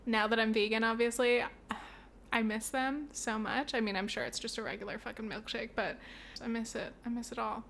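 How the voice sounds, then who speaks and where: A woman hosts a casual podcast, her voice sitting fairly high. She swears freely and laughs often, and she slips into little acted scenes with beeps and boops. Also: fairly even intonation, brisk, vocal fry, fairly bright tone. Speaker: podcast host. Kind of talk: casual chat.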